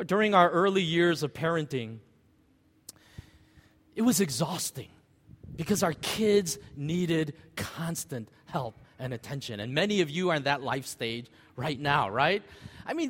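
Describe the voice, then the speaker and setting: A man's voice: fairly high pitch, very animated, unhurried. A middle-aged man preaching a sermon as pastor, telling a personal story and asking the congregation rhetorical questions. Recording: long church hall reverb.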